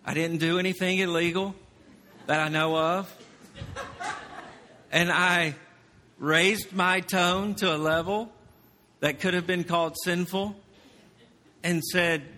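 A male pastor preaches in a high, bright voice that carries through a reverberant church hall. He swings between loud emphasis and quiet, confiding storytelling. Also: fairly even intonation, takes it slowly, long pauses. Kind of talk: sermon.

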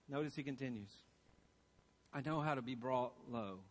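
A man's voice: medium pitch, normal speed, long pauses. A man pastor preaching a sermon, earnest and questioning, repeating phrases for emphasis.

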